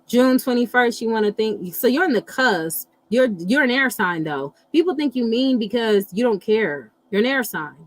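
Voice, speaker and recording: A middle-aged woman hosting a casual live chat, animated and blunt, swearing freely and reacting to viewer comments. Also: on the high side, normal speed, few pauses, no room sound, low-quality recording. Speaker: livestream host reading astrology.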